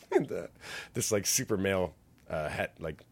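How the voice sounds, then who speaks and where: A man's voice: low-pitched, expressive, measured pace, creaky, slightly rough. A man co-hosting a podcast, chatting casually and rambling with many fillers. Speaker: podcast co-host. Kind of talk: casual chat.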